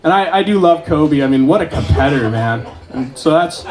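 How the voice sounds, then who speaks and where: A man in his late forties performing a stand-up set at an open mic, telling stories in a deadpan way with self-aware asides. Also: on the high side, fairly quick. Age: 40s. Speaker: stand-up comedian. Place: small club stage with live audience.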